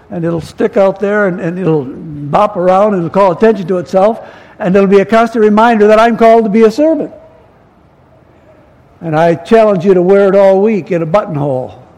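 An older man preaching a sermon in a church, folksy and storytelling, with pauses and restarts. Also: high-pitched, a little mellow. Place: church sanctuary. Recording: long hall reverb.

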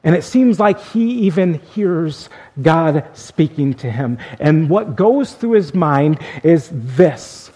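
A male pastor telling a story in a sermon, earnest, swinging between emphatic and hushed. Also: fairly high pitch, lively intonation, slow, few pauses, husky.

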